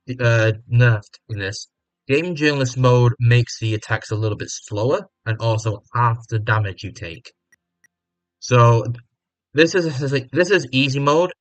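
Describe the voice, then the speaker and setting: A man's voice: medium pitch, no room sound, dull audio. A man from the UK with a British accent, giving casual, rambling commentary on a game stream as he thinks aloud. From United Kingdom.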